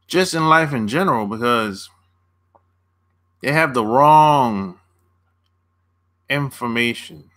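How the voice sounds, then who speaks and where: A man's voice: mid-range voice, expressive, takes it slowly, pauses often, a bit bright. A man coaching on dating in a casual livestream, laid-back, chuckling often and answering viewers' chat by name.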